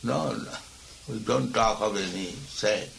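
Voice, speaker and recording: A man's voice: fairly low pitch, measured pace, gravelly, fairly bright tone, a little hiss or hum, poor audio. A man, a spiritual teacher speaking emphatically and admonishingly in a philosophical discussion.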